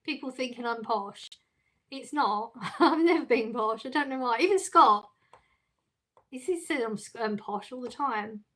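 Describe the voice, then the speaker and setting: A woman's voice: a little high, lively intonation, a little slow. Chatty woman reading her stream chat. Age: middle-aged. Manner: chatty, laughs often, warm and reassuring. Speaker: livestream host reading chat. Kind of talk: casual chat.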